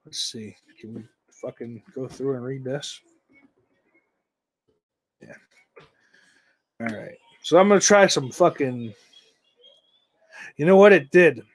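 A man's voice: medium pitch, takes it slowly, pauses often. A man chatting casually on a stream, rambling and swearing, often trailing off into mumbles. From United States.

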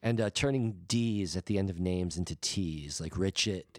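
A low-voiced man from Rhode Island chats about acting in a play, playful and easygoing. His voice sits close and dry, with no echo. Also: normal speed, a little mellow. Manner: playful, slips into mock accents. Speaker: actor in a community play. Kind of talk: casual chat.

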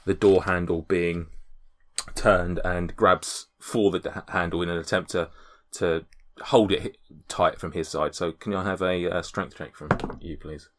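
A man's voice: low voice, fairly even intonation, a little slow, slight background noise. A man running a tabletop game, narrating hesitantly with many fillers. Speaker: game master.

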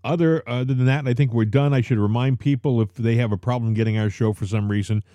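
A man's voice: medium pitch, fairly even intonation, fast, mellow, no echo. A man co-hosting a casual political talk show, joking and mocking with frequent chuckles. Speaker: co-host.

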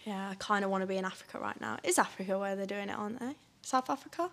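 A woman's voice: mid-range voice, quick pace, a bit bright. A young woman from Leicester with a Leicester accent, co-hosting a podcast in casual chat and saying "like" a lot. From England. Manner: chatty, says "like" a lot. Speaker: podcast co-host. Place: studio.

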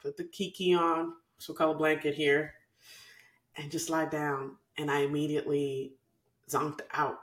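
Low-voiced laughing woman, echoey room. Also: unhurried. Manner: laughs often, animated storytelling. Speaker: podcast co-host. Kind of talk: casual chat.

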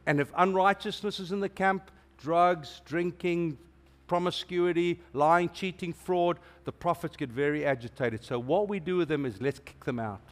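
A middle-aged man, preaching a sermon as a guest preacher in an animated, emphatic way with playful asides. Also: a little high, normal speed.

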